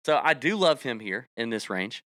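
A man's voice: mid-range voice, big pitch swings, moderate pace, bright, forceful tone, no room sound, clean studio sound. A man hosting a golf betting podcast, rambling through announcements and joking with his co-host. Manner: rambling, jokey, salesy announcements. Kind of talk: casual podcast chat.

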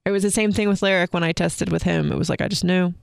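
Candid young woman with a creaky voice. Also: lowish voice, steady tone, quick pace, no room sound, clean studio sound. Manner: candid, many filler likes, laughs while telling. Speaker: podcast co-host. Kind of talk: personal storytelling on a podcast.

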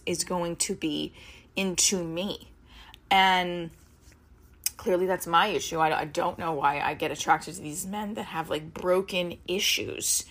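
A woman's voice: on the low side, fairly bright tone. A young woman frankly recounting a painful relationship, heated and swearing, with many restarts. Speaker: vlogger telling about a relationship. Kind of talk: emotional personal storytelling.

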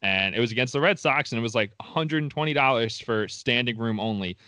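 A man's voice: medium pitch, quick pace, sharp tone, smooth, dry recording. A man co-hosting a podcast in casual chat, reacting with joking disbelief and laughing. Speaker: podcast co-host.

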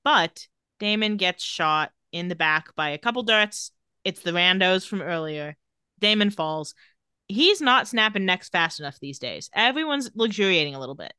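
A woman talks through a TV episode scene by scene with her podcast co-host. Her voice is bright and ranges widely as she jumps between quotes, and the sound is dry and close. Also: lowish voice, clean tone, no room sound. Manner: animated, laughs often, brisk scene-by-scene retelling. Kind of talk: casual chat, retelling scenes with quick quotes.

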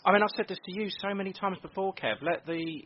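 A man hosting a football podcast in casual chat, chatty and asking questions with quick asides. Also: sits high, a crowd in the background. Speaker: podcast host. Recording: dull lo-fi audio with faint noise.

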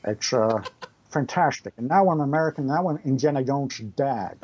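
A man's voice: medium pitch, expressive, normal speed, a little mellow, dull audio, close to an everyday voice. Man doing a smug, slurring older star impression. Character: suave older male film star impression, rolling slurred speech.

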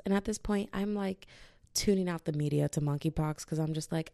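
A young woman hosting her own podcast, telling a rambling personal story in a casual, animated way full of tangents. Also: on the low side, brisk, no room sound, clean studio sound. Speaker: podcast host.

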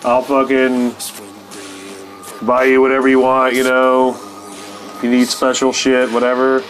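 A man's voice: medium pitch, completely flat delivery, a little slow, fairly bright tone, faint music behind, poor audio. A man telling a story as a podcast host, with loose, rambling, heavily profane casual talk and frequent laughs.

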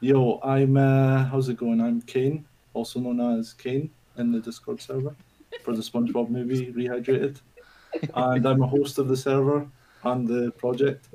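A laid-back man chats casually, keeping things offhand and relaxed. His voice sits at a middle pitch. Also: a little slow, poor audio. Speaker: server host and guest. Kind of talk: casual group chat.

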